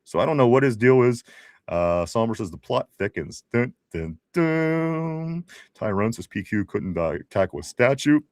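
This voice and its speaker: A man's voice: fairly low pitch, moderate pace, dry recording. Joking male live-stream host, dry sound. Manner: joking and animated, with laughs. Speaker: podcast co-host reading viewer comments. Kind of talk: casual live-stream chat.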